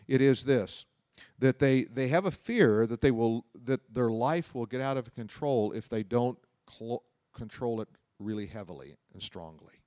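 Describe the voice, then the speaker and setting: A man's voice: mid-range voice, a little mellow, dry recording, studio quality. A middle-aged man preaching a sermon in a loose, conversational storytelling way, often repeating himself and adding asides. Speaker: pastor. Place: church auditorium.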